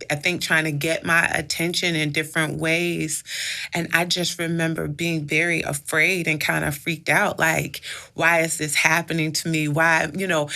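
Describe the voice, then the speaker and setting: A woman's voice: sits low, gravelly, pushed and bright. A woman hosting an advice podcast, telling a reflective story with many "you know" and "like" fillers. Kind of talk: casual faith-based advice chat.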